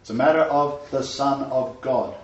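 A man's voice: mid-range voice, moderate pace, slight background noise. Emphatic man teaching scripture. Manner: emphatic, conversational asides. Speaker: Bible study teacher. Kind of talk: scripture reading with commentary. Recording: roomy, distant, dull sound.

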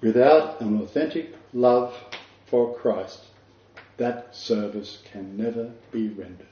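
A man's voice: medium pitch, slow, a little hiss or hum. An older man preaching a sermon, earnest and emphatic, with asides to his listeners. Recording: dull echoey room recording.

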